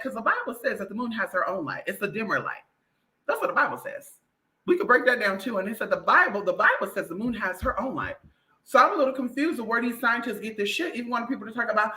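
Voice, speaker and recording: Brash woman vlogger, profane and animated, bright voice in an echoey room. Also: mid-range voice, fast talker. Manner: blunt, profane, animated, mimics others. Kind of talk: casual opinionated monologue.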